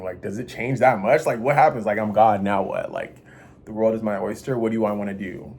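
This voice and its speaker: Rambling man with a mellow voice. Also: brisk, breathy edge. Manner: rambling, restless, swings between loud bursts and low mutters; profane and self-interrupting. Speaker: vlogger. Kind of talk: casual confessional monologue.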